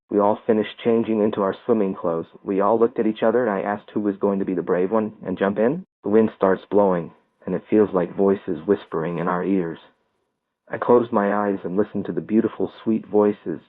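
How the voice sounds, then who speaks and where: A male audiobook narrator reads a first-person story aloud in a steady storytelling manner. His voice is fairly low, and the dry recording sounds tinny, like a phone.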